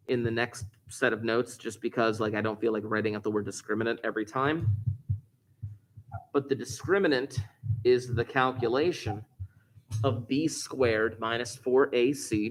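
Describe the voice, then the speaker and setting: A man's voice: mid-range voice, slight background noise. A man teaching a class, explaining step by step and repeating key points, recorded in a classroom. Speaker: math teacher. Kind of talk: classroom lecture.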